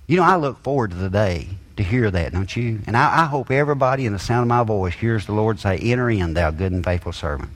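A man's voice: lowish voice, expressive, fast, hardly any pauses, fairly bright tone. Man preaching with rising emphasis. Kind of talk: sermon.

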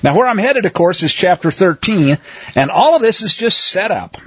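A man's voice: high-pitched, sing-song, normal speed, dry recording. A man teaching a Torah portion in sermon style, emphatic and given to sarcastic asides. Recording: dull, husky, dry audio.

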